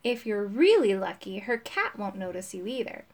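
A woman's voice: mid-range voice, sing-song, moderate pace, a little mellow. A woman reading aloud, voicing a grumpy know-it-all male companion in a storybook with a dry, superior manner.

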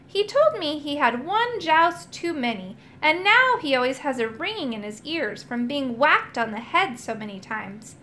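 Woman playing an eager excited young boy, high and bouncy, bright storybook voice. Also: normal speed, few pauses, slight background noise, heavily acted. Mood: chatty.

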